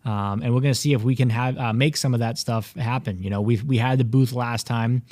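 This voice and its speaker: A man from New England co-hosts a casual talk show and speaks in a steady, promotional way. He asks viewers to comment and share their ideas. His voice sits in a middle pitch, recorded close and dry. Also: brisk, dry recording. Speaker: co-host.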